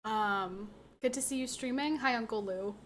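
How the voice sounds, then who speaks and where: A woman's voice: on the high side, normal speed, a bit bright, slight background noise. Giggly sleep-deprived young woman streamer. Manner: giggly, rambling, scatterbrained. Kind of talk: casual chat.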